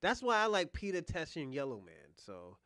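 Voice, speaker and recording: A man's voice: fairly high pitch, huge pitch swings, moderate pace, fairly bright tone, dry recording, clean studio sound. A man from the United States hosting a livestream, reacting to clips in a rambling, profane, casual way and talking straight to his viewers. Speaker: livestream host.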